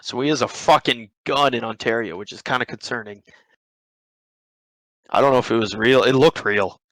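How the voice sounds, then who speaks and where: This young podcast host speaks at a moderate pace in a mid-range, slightly bright voice while telling a meandering, profane story with frequent restarts. There's no room sound, though the audio quality is poor.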